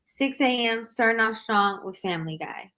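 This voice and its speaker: Bright, playful woman on a panel. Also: on the high side, expressive, normal speed. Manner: playful, laughs easily. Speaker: panel guest. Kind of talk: casual panel chat.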